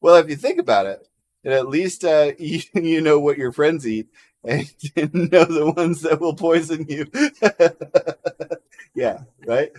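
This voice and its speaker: A man hosts a laid-back livestream chat, joking around, laughing a lot and reading viewer comments aloud. His voice sits on the high side with a darkish tone, and he talks at a slow pace.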